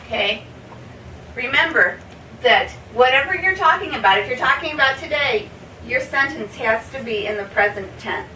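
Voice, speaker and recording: A woman teaching a basic English lesson, spelling out example sentences slowly word by word and checking in with "okay?". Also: fairly high pitch, expressive, bright, forceful tone. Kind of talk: slow classroom explanation. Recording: roomy echo, from a distance, faint hiss.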